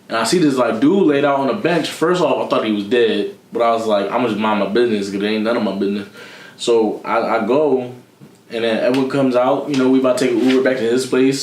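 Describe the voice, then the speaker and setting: Laughing young man telling a story. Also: mid-range voice. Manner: laughing often, slangy, acting out voices of others. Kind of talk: casual storytelling chat. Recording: echoey room.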